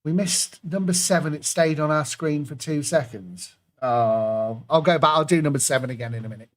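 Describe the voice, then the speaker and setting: A man's voice: fairly high pitch, moderate pace. A man hosting an online pub quiz from his computer, reading out clues and laughing at his own slip-ups. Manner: self-deprecating, chatty, fumbles and laughs at own mistakes. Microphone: computer microphone.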